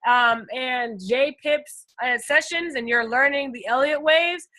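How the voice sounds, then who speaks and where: Excitable high bright woman teaching trading. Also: measured pace. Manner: excitable, bursts loud then drops quiet, chatty asides; addresses viewers as guys and first timers. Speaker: trading instructor. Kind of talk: live screen-share trading lesson.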